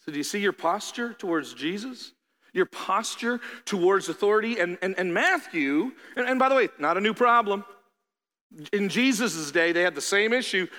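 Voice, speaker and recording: A man preaching a sermon as a pastor, animated, acting out the voices of his listeners. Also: high-pitched, moderate pace. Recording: long hall reverb.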